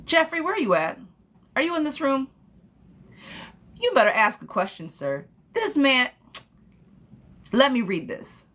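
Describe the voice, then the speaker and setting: A woman running a live-stream tarot reading speaks bluntly and sassily, calling her viewers "girlfriend." She talks a little slowly with long pauses, then bursts into high, excited gushing.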